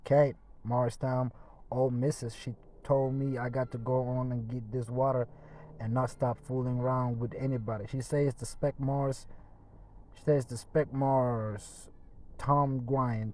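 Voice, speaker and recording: A man's voice: mid-range voice, mellow, natural voice, rough recording. A man voicing a timid young boy servant who hesitantly refuses, afraid of his mistress, as a storybook read aloud.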